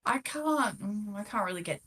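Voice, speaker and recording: A woman playing a tabletop role-playing game, chatting casually and cheering loudly at good rolls. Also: medium pitch. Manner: excited, quick to cheer. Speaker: player.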